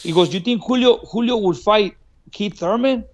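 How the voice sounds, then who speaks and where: Boxing trainer from Mexico, guest on a podcast, high voice, lively yarn-spinner who plays every quote. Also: male voice, normal speed. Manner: animated, acts out quoted dialogue, laughs often. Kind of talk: casual storytelling. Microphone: studio podcast mic.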